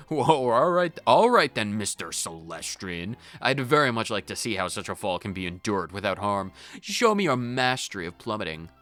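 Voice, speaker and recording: A man's voice: lowish voice, very animated, normal speed, fairly bright tone. A man voicing a pompous fisherman in a video game, speaking in old-fashioned formal phrasing.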